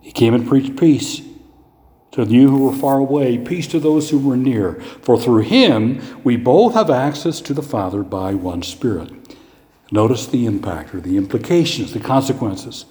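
A man's voice: mid-range voice, animated, normal speed, mellow. A man preaching a sermon as pastor, in a conversational style, asking rhetorical questions and answering them himself. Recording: echoey hall with long reverb.

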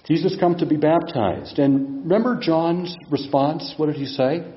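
A man's voice: on the high side, animated, moderate pace. A man preaching a sermon and teaching from scripture, putting questions to his listeners. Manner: teaching, asks the congregation questions. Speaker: pastor. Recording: echoey room, dull lo-fi sound.

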